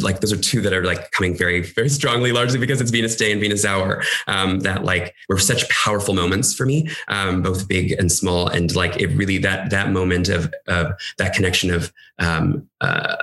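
A man telling a personal spiritual story in conversation, hesitant and full of fillers, getting emotional as he speaks. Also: a bit bright. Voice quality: gravelly low voice.

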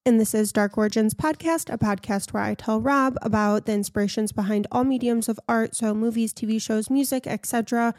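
A woman's voice: a little high, fairly quick, hardly any pauses, darkish tone, dry recording, clean studio sound. A woman hosting a casual podcast, frank and opinionated, telling a story to her co-host.

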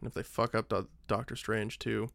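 A man's voice: fairly low pitch, flat delivery, normal speed, vocal fry, fairly bright tone, dry recording. A man co-hosting a podcast, chatting casually about movies and rambling with lots of filler words. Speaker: podcast co-host.

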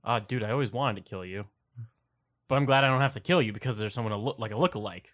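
A man's voice: on the low side, fast, fairly bright tone. A man playing a tabletop game, joking in a laid-back way. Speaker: player. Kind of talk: casual tabletop game play.

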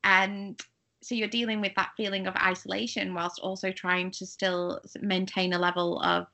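A woman's voice: medium pitch, level tone, moderate pace, bright, forceful tone. A young woman from England co-hosting a podcast, chatting earnestly with a playful, melodramatic streak. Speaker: podcast co-host. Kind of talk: casual chat.

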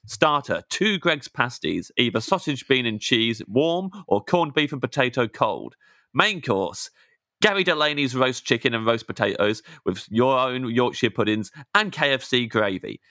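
A man's voice: mid-range voice, expressive, normal speed, pushed and bright, dry recording, clean studio sound. A man co-hosting a chatty podcast, playfully reading back a guest's order with comic timing. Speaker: podcast co-host. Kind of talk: casual chat.

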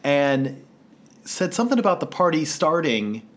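Animated, laughing male podcast co-host. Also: fairly high pitch, moderate pace. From United States. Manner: animated storyteller, acts out quotes, laughs often. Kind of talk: casual chat.

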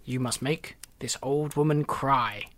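A man's voice: medium pitch, steady tone, takes it slowly, fairly bright tone, dry recording. A man voicing a prim, matter-of-fact male toad in a storybook reading.

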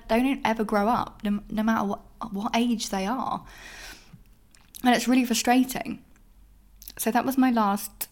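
A young woman hosting a podcast alone, telling her dating stories candidly with plenty of swearing and acted-out reactions. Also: mid-range voice. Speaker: podcast host. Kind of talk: casual solo podcast monologue.

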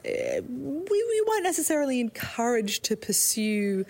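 A woman's voice: on the high side, very animated, normal speed, vocal fry. Australian woman, 30s, interview guest; casual, candid, laughs a lot. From South Africa. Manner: frank, chatty, laughs easily, swears. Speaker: artist guest.

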